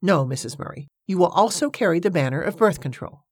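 A woman's voice: fairly low pitch, animated, quick pace, slightly rough, no echo, clean studio sound. A woman reading an audiobook, voicing a haughty, indignant woman who leads an activist movement. She declaims in a pompous manner. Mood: indignant, declaiming.

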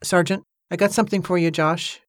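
A narrator putting on a gruff old veteran. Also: medium pitch, steady tone, no room sound, studio quality, close to an everyday voice. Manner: gruff, quick, grunting. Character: rough old male war veteran, gruff. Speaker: character in an audiobook.

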